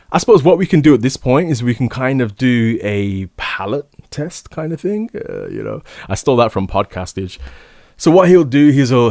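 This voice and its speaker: A man's voice: mid-range voice, a little mellow, dry recording. A young man casually reviewing microphones at home, talking close into a condenser mic with enthusiastic, rambling chatter. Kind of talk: casual gear review talk. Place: home recording setup. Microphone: large condenser studio mic, close.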